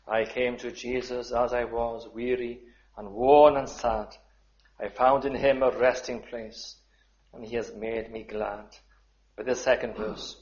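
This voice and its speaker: A man delivers a sermon at an unhurried, deliberate pace, often dropping his voice low before rising into fervent appeals. The sound is roomy and a little dull, as if taped in a church. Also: fairly even intonation, darkish tone. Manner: slow and measured, building to fervent appeals. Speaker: preacher.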